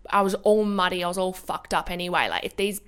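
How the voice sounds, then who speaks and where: A woman's voice: fairly low pitch, steady tone, quick pace, a bit bright, clear, resonant tone. Young woman, podcast co-host, rambling, casual storytelling. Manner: rambling, heavy on "like" and swearing.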